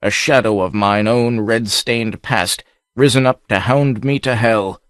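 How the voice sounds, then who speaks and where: A man voicing a brooding, haunted nobleman who speaks slowly and somberly, in an audiobook reading. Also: on the low side, steady tone, a bit bright, dry recording, studio quality. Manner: somber, slow.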